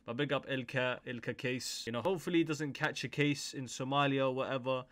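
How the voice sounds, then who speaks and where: A man's voice: medium pitch, fairly even intonation, fairly quick, fairly bright tone. A young man, hosting a casual music reaction video in slangy, chatty talk that often repeats itself. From United Kingdom.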